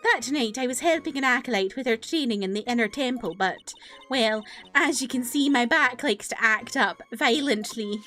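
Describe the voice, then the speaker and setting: Woman voicing a chatty old nun, high bubbly sing-song, bit of music behind. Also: moderate pace, fairly bright tone, close to an everyday voice. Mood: earnest. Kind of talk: video game dialogue read aloud.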